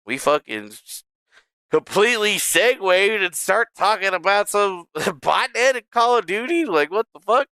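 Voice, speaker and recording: A man's voice: fairly high pitch, pushed and bright, smooth, dry recording. A man hosting a casual livestream from home, rambling and joking with a lot of swearing. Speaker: livestream host. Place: home streaming setup.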